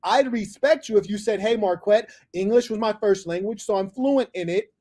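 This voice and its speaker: A man's voice: high voice, moderate pace, warm tone. A man hosting a live call-in stream, lecturing and mocking in a condescending, combative way. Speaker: livestream host taking callers.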